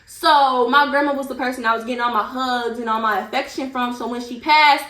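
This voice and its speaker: Bright, lively young woman telling a story. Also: high voice, fairly quick, reverberant. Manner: animated, slangy retelling. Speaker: vlogger. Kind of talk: storytime vlog.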